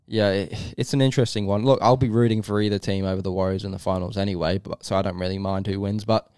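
A man's voice: lowish voice, fairly even intonation, fast, darkish tone, smooth, no room sound, studio quality. A man co-hosting a casual sports podcast, chatty and teasing, hedging his opinions. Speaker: podcast co-host.

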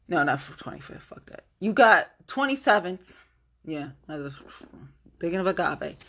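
A woman's voice: lowish voice, sing-song, moderate pace, sharp tone. A woman from Ohio, a local political activist, delivering a blunt, profane, confrontational rant to the camera. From Ohio, USA.

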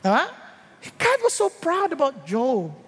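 Filipino woman preacher, lively, high-pitched, questions the crowd, echoey hall sound. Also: normal speed. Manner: animated, mixes English and Tagalog, asks the congregation rhetorical questions. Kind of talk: sermon. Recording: reverberant hall.

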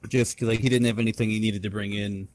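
A man's voice: lowish voice, flat delivery, normal speed. A young man co-hosting a podcast, telling a rambling story full of swearing in casual chat. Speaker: podcast co-host.

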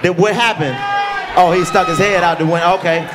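A man's voice: high voice, steady tone, a little fast. A man hosting a comedy show and hyping up the live crowd from the stage. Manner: hype-man, calling out to the crowd. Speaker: host introducing comedians.

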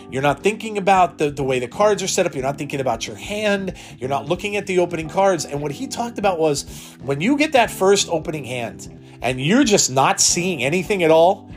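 Male podcast host, high voice, unscripted and rambling, light guitar underneath. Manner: rambling, repeats words and restarts sentences. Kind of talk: unscripted solo podcast talk.

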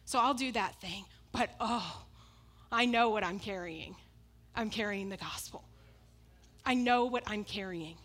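A woman's voice: medium pitch, a little slow, long pauses, fairly bright tone. A woman preaching a sermon, emphatic and repetitive, often breaking into laughs as she makes her points.

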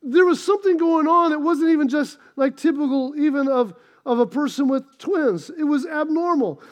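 A man's voice: very high voice, moderate pace. A male pastor preaching a sermon in an impassioned, storytelling way, often repeating words as he builds.

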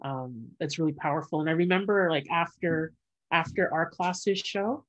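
A woman hosting a casual interview, speaking softly and affirming often, sharing her own story. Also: low voice, moderate pace, dull audio. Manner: soft, affirming, frequent backchannels.

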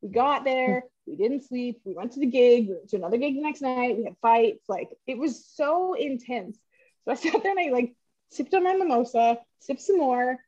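Female podcast co-host, high register, lively profane storyteller; muffled lo-fi mic. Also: normal speed. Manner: animated, swearing, laughing, acts out voices in her story. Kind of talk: casual storytelling chat.

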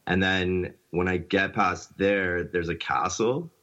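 A podcast guest with a Canadian accent talks in a low, steady voice, slow yet pushed and bright. His casual chat rambles and is packed with "like," and the recording has a dull lo-fi quality.

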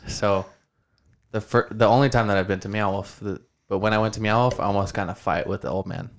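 A man's voice: fairly low pitch, fairly even intonation, fast talker. A young man hosting a casual podcast from his home studio, swearing a lot and saying "dude" constantly as he rambles. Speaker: podcast host.

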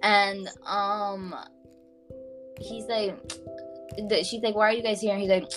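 A young woman casually telling a personal story to a friend on a podcast, animated and full of fillers, calling her listener "girl". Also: medium pitch, measured pace, faint music behind.

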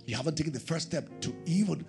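A man preaching a sermon, swinging between loud emphatic bursts and a hushed tone as he leads prayer. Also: on the high side, fast, vocal fry, faint music behind.

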